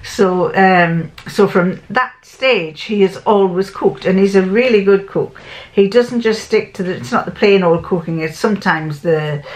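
A woman's voice: medium pitch, unhurried. Chatty older woman. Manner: rambling, chatty, many restarts and self-corrections. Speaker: sewing vlogger. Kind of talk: casual chat to camera.

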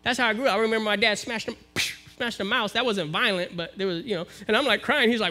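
A man with an American accent preaching a sermon to his congregation, building to forceful exhortation. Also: sits high, fast talker, few pauses, soft background music. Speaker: minister. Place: church, live-streamed service.

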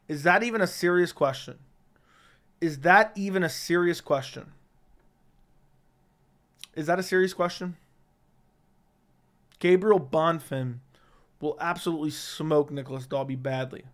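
A man's voice: a little high, moderate pace, pauses often. Blunt man with a strained voice. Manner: blunt and outspoken. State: strained, tiring voice. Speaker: MMA commentary streamer. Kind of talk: casual livestream chat.

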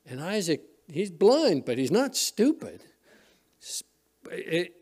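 A man's voice: sits high, very animated, slow pace, darkish tone. A male pastor preaching a sermon in a church, retelling a story conversationally with frequent restarts. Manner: storytelling, retelling scenes with quoted voices. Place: church sanctuary.

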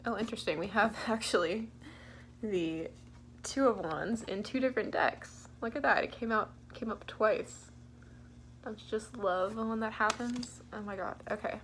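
A woman's voice: medium pitch, normal speed, a bit bright, slight background noise. A young woman giving a casual tarot card reading, laid-back and giggly, thinking aloud with many fillers. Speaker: tarot reader.

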